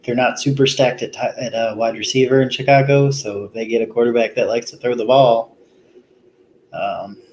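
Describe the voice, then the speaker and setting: A man hosting a solo fantasy football show, talking casually and rambling with plenty of pauses, tired after a long day. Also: medium pitch, steady tone, darkish tone, a little hiss or hum, poor audio. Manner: rambling, lots of ums and restarts, easygoing. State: tired, yawning. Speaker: fantasy football podcast host.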